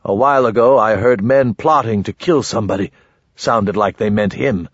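A man voicing an older father who talks urgently and insistently, husky and a little low. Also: normal speed, dry recording, dull audio. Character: older father, anxious and stubborn.

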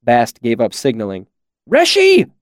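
In a medium-pitched voice, a man narrates an audiobook story from a script, keeping his delivery measured yet expressive. The sound is clean studio audio with no echo.

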